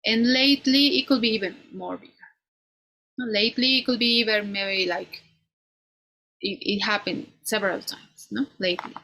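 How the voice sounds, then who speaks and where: A woman teaching an English grammar class, explaining slowly and ending many points with "no?". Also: medium pitch, steady tone, vocal fry, sharp tone, rough recording. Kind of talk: online class lecture.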